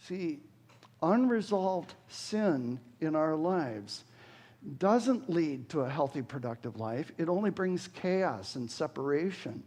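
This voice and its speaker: Pastor, man in his 60s, high-pitched, earnest sermon delivery with big swings in intensity. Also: animated, takes it slowly, darkish tone. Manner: earnest preaching, voice rising and falling sharply when quoting scripture.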